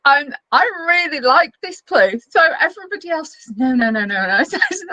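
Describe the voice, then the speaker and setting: Lively woman telling stories. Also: high-pitched, normal speed, few pauses, no room sound, low-quality recording. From northern England. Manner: lively storyteller, laughs often. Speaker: web TV host. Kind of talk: casual chat, anecdote telling.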